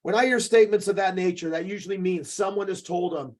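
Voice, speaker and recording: A man's voice: high-pitched, fast talker, a little mellow. A man co-hosting a podcast as a jiu-jitsu coach, giving an emphatic, profane motivational talk that keeps checking in with "okay".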